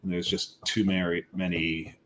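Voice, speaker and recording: A man's voice: deep voice, flat delivery, moderate pace, fairly bright tone. A man co-hosting a casual beer podcast, trading wry jokes. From New Jersey. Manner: wry, joking banter. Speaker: podcast co-host. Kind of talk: casual chat.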